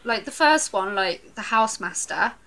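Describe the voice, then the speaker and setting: A woman's voice: medium pitch, lively intonation, moderate pace, bright, forceful tone, rough recording. Brit woman on a podcast reading out a true crime story, chatty. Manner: storytelling, reads out dates and facts. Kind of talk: casual chat, reading a case.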